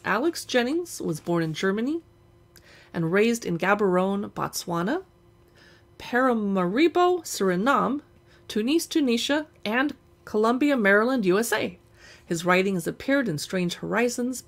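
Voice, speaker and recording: A woman hosting a livestream, chatting enthusiastically about books and reading a novel aloud. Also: medium pitch. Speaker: book channel host.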